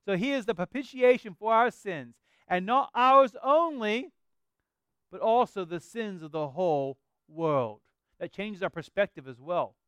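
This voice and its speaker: A man's voice: high-pitched, normal speed, clear, resonant tone, no room sound. A middle-aged man preaching a sermon as a pastor, earnest and conversational with emphatic rises.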